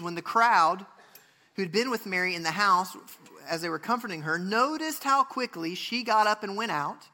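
A man's voice: high voice, pushed and bright. A man preaching a sermon, reading scripture and speaking earnestly, with frequent restarts and passionate rises. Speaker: pastor.

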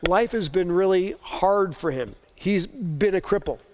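A pastor preaching a sermon, telling a Bible story and acting out the voices of its people. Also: male voice, sits high, expressive, measured pace, slight background noise.

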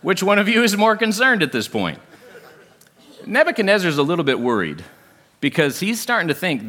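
A man's voice: high-pitched, moderate pace, pauses often. A man preaching a sermon, talking with the congregation and asking them questions. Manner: animated, talks with the congregation and asks questions often. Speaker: pastor. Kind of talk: sermon with audience interaction. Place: church sanctuary.

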